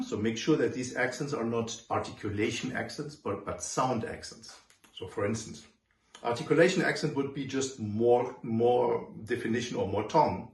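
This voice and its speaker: A man's voice: medium pitch, moderate pace, creaky. A man teaching trumpet, explaining an etude and singing its rhythms in syllables. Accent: German. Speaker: trumpet professor. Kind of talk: demonstrating instruction to students. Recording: roomy echoey room.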